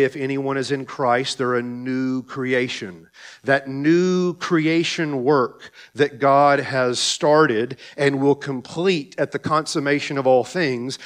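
A man preaching a sermon as pastor, animated and sarcastic at times, talking straight to the congregation and swinging from quiet low lines to loud emphatic ones. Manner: sarcastic asides, talks directly to congregation.

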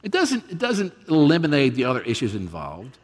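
Fifty-something preacher with lively delivery. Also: male voice, mid-range voice, a little fast, slightly rough. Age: 50s. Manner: conversational storytelling with self-deprecating humor. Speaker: guest preacher. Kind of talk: sermon. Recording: reverberant hall.

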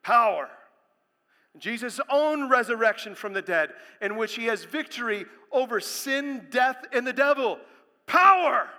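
A man preaching a sermon as pastor, speaking emphatically and building to loud proclamations. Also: very high-pitched, lively intonation, measured pace, in a large hall.

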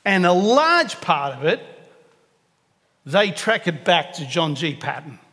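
A man delivers an earnest sermon, his fairly high voice hammering home key phrases by repeating them. The sound carries the long, lingering reverb of a large hall. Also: big pitch swings, slow, bright, forceful tone. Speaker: preacher.

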